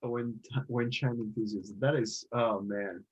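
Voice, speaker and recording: A man hosting a podcast, reacting with loud exclamations and asking rambling questions. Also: lowish voice, fairly even intonation, unhurried, slightly rough, lo-fi sound. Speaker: podcast host. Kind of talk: casual interview chat.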